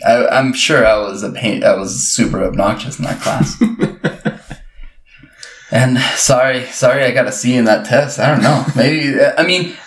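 A man from Uruguay, a podcast co-host, chatting casually and laughing often as he tells self-mocking stories. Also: mid-range voice. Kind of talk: casual chat. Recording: roomy echo.

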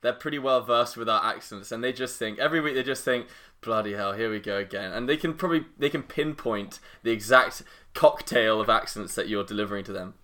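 A man's voice: mid-range voice, brisk, pushed and bright. A man co-hosting a podcast, chatting casually with teasing banter. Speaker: podcast co-host. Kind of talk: casual chat.

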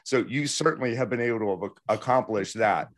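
A man's voice: fairly low pitch, brisk. A man hosting a podcast interview, talking with enthusiasm and affirming his guest, with lots of fillers. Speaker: podcast host. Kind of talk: casual interview talk.

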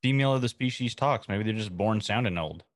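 A man co-hosting a podcast in casual chat, chiming in with quick joking quips. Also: fairly low pitch, no echo. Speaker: podcast co-host.

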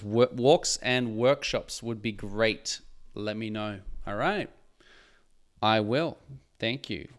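A middle-aged photographer hosting a casual live Q&A, reading out viewer comments in a chatty, earnest way with frequent restarts. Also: male voice, mid-range voice, fairly bright tone, clean tone. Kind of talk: casual livestream chat.

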